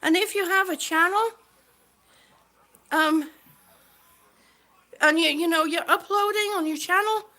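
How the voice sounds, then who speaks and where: A woman livestreaming from home as she walks, greeting viewers warmly by name and slightly out of breath, talking into a phone on a gimbal. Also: extremely high pitch, a little slow, pauses often. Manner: warm, greets viewers by name, calls them sweetie. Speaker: vlogger on a livestream. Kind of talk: chatty live stream while walking. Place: indoors at home. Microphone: phone on a gimbal held while walking.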